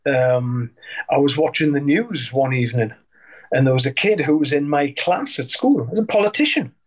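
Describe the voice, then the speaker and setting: A man's voice: mid-range voice, expressive, normal speed. A man, telling rambling anecdotes in a casual interview and swearing freely. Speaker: interviewee, musician.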